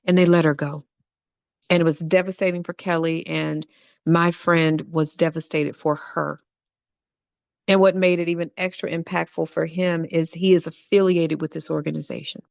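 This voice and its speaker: Woman podcast host telling a personal story, earnest, repeats stuff for emphasis, gravelly fry, flat dry sound. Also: deep voice, normal speed, no echo, lo-fi sound.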